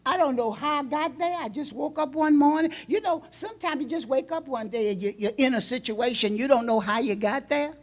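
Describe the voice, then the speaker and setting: A woman pastor preaching a sermon in a church, swinging between loud emotional outbursts and hushed, low passages. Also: animated, fairly quick, few pauses.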